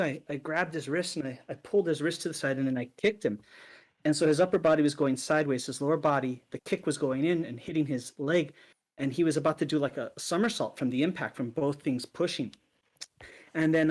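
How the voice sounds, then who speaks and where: A man in a casual chat, telling a story and acting out the quotes with lively energy. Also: a little high.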